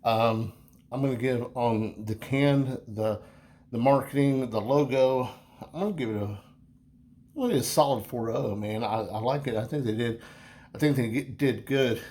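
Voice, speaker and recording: A man's voice: mid-range voice, moderate pace, a little mellow. A man talking casually through a beer review, easygoing and chatty, rambling with many fillers and restarts.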